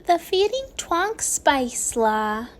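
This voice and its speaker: A woman reading a scripted voice-over for a compilation, briskly reading out posts and replies. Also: high-pitched, big pitch swings, a little hiss or hum. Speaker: compilation narrator.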